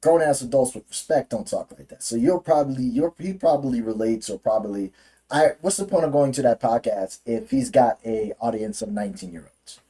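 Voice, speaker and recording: A man's voice: medium pitch, animated, a little fast, dark tone, breathy edge. Heated, cursing male political ranter. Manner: profane, heated, frequent restarts. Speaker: livestream commentator. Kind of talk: ranting political commentary.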